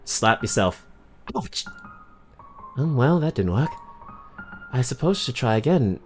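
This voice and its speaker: A man's voice: medium pitch, sing-song, a little slow, darkish tone. Alice, young woman, mock-British, self-talking, man voicing, faint game music. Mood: puzzled. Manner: mock-British, talks to herself. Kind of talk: reading game text in character.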